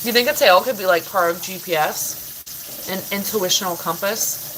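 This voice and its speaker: In her home kitchen, doing chores, a woman chats casually with her viewers, rambling and full of "like" and casual swearing. Her voice is medium-pitched at normal speed, with background noise present.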